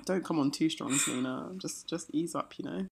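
Casting: young woman, low voice with gravelly fry, sassy banter. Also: a little fast, very noisy. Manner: sassy, playful teasing with sudden loud outbursts. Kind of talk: casual chat.

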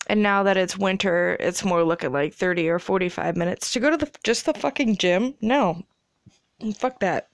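A young woman hosting her own podcast, rambling about her life in a relaxed, profane way with lots of fillers. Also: mid-range voice, gravelly, smooth, no echo, clean studio sound. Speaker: podcast host. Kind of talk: casual solo chat.

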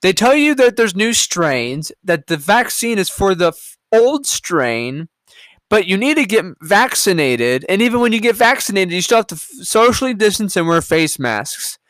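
A man's voice: big pitch swings, normal speed, no room sound, studio quality. Profane, fiery male podcast ranter. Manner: profane, combative ranting; jumps between loud outbursts and low muttering. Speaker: podcast host. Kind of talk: solo political rant reading headlines.

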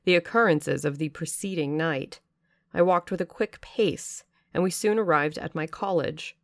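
Woman audiobook narrator, low register, close dry mic, expressive dramatic reading. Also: vocal fry, no room sound. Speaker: audiobook reader. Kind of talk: classic novel narration.

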